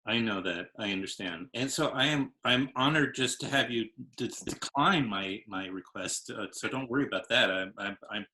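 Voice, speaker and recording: A man's voice: lowish voice, moderate pace, hardly any pauses, sharp tone. A man in his fifties hosting an interview show, talking in long, rambling, hesitant sentences with many restarts. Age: 50s. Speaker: show host. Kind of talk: interview conversation.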